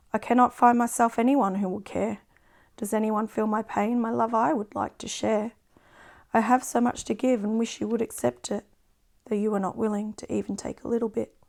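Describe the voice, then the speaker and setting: Woman reading poetry in a flat voice. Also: medium pitch, creaky. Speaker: poet reading her own book.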